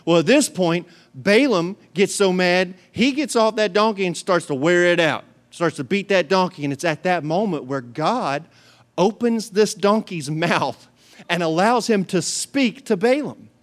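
Man, middle-aged, pastor, sermon, high voice, animated storytelling. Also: measured pace. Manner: animated storytelling, acts out voices, laughs often.

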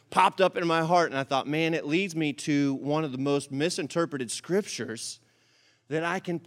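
A man giving a sermon, telling a comic story with frequent "all right?" asides before turning to scripture. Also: on the high side. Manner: animated, comic delivery. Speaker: pastor.

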